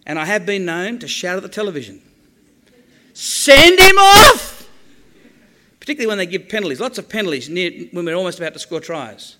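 Aussie guy giving a sermon, kinda high voice, animated, acts stuff out. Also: rapid-fire, hardly any pauses. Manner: animated, acts out quoted prayers, jokey asides. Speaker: preacher teaching on the Psalms.

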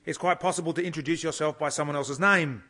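A man giving an expository sermon at a conference, reading scripture slowly and pausing to explain it with measured emphasis. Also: on the high side, pushed and bright. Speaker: conference speaker teaching the Bible.

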